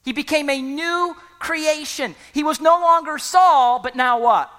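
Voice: sits high, measured pace, a bit bright. Emphatic preacher in a reverberant hall. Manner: emphatic, asks the congregation to fill in words; repeatedly urges listeners to listen. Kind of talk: sermon.

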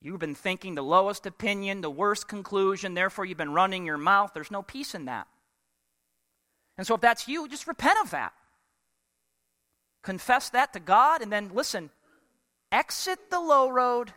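High, bright-voiced preaching pastor in a hall. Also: male voice, big pitch swings, moderate pace, pauses often. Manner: emphatic preaching with rhetorical questions to the congregation. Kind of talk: sermon.

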